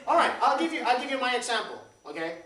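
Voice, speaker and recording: Pastor preaching in an echoey church. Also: male voice, very high voice, fast talker, slight background noise. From Puerto Rico. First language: Spanish. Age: 30s. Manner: lively, repeats words, questions the congregation. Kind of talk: conversational sermon. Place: church sanctuary. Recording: echoey church, distant mic.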